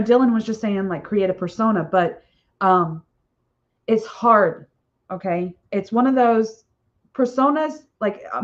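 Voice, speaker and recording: A woman's voice: mid-range voice, muffled recording. A woman author hosting a casual live stream, chatting in a rambling way with frequent "okay?" tags and little laughs.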